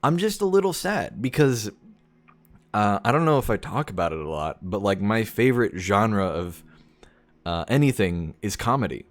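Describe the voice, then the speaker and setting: A man's voice: on the low side, very animated, moderate pace. A young man streaming a game, chatting casually and rambling, often chuckling at his own jokes. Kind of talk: casual gameplay commentary.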